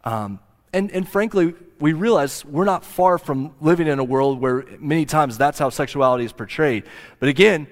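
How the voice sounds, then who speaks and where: A pastor teaching through a Bible passage in an earnest, explanatory way, leaning hard on key words. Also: male voice, fairly high pitch, moderate pace. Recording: long reverb of a large hall.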